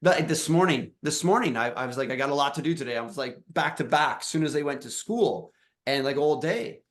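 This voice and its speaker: A man in his thirties talks through a personal story about his kids, slightly high-pitched for a man. He is emotional and halting, starting sentences over as he speaks. It sounds like a podcast chat. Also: animated. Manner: emotional, halting, with many restarts. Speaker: dad coach.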